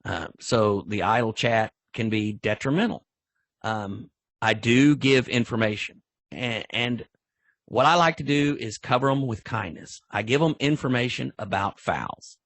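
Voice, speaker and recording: A man's voice: mid-range voice, unhurried, fairly bright tone, no room sound. An older man, a football official telling stories in a folksy, rambling way with many restarts. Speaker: football official, guest speaker. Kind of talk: storytelling in an online training talk.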